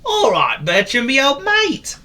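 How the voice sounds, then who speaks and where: A man's voice: extremely high pitch, wildly swooping pitch, measured pace, pushed and bright, voice pushed up, exaggerated voice. A man voicing a cheerful male dog who calls out hearty encouragement to his mate. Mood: cheery.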